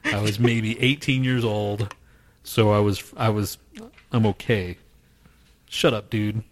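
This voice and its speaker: Low-voiced man in crude banter. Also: steady tone, takes it slowly. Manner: swears constantly, acts out quotes with laughs. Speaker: podcast co-host. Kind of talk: casual profane chat.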